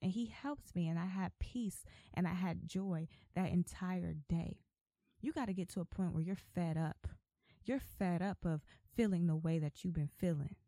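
A woman's voice: lowish voice, moderate pace, mellow, no echo. A woman hosting a faith podcast, talking emphatically and with repetition, like an exhortation. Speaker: podcast host.

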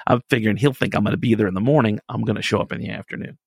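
A man telling a story on a radio talk show, in a casual, animated way, laughing through it. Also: fairly low pitch, racing, gravelly, breathy edge, dry recording, clean studio sound.

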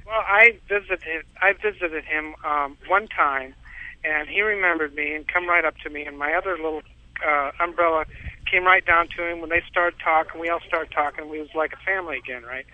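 A man's voice: on the high side, fairly quick. A man calling in to a show, telling a story in a rambling way and repeating his words. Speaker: caller. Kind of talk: casual phone-in storytelling. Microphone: telephone. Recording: tinny phone line, dry.

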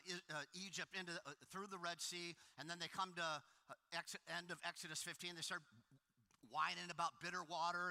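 A man preaching a sermon in a casual, animated way, full of fillers and questions to the congregation. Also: high voice. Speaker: pastor. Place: church hall. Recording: long hall reverb.

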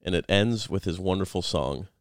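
A man's voice: deep voice, moderate pace, no room sound, clean studio sound, close to an everyday voice. A man imitating an older male radio Bible teacher with a strong Southern accent and emphatic preaching delivery. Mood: earnest preaching. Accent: American Southern.

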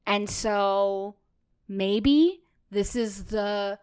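A woman's voice: mid-range voice, drawn-out words, smooth. Enthusiastic woman podcast co-host. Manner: enthusiastic, thinks out loud. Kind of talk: casual podcast discussion.

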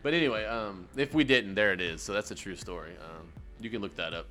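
A man co-hosting a casual podcast, rambling through stories with plenty of laughs and loose restarts. His voice sits fairly low but sounds bright and forceful. Faint music hums behind him. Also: fast talker. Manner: rambling, laughs often, many fillers and restarts. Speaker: podcast co-host. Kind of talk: casual chat.

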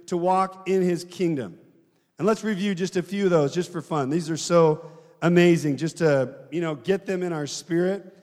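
High-voiced preacher in an echoey hall. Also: male voice, a little mellow. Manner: conversational, asks the congregation questions. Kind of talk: sermon.

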